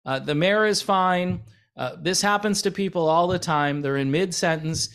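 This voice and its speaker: A man from the United States talks through a casual commentary vlog. His voice sits a little high, and he drifts between points with heavy sarcasm and plenty of "uh" and "you know". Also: normal speed, a bit bright, smooth. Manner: sarcastic, rambling with many fillers. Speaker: channel host.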